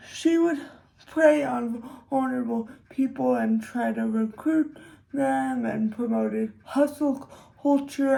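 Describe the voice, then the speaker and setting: A young woman giving a casual commentary monologue, unhurried and hesitant, with sarcastic asides and frequent restarts. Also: a little high, vocal fry, warm tone. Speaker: commentary creator.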